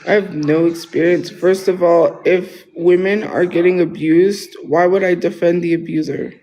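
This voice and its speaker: High-voiced man rambling on a livestream. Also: fairly even intonation, moderate pace, warm tone, rough recording. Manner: rambling, defensive, restarts often. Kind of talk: casual livestream talk.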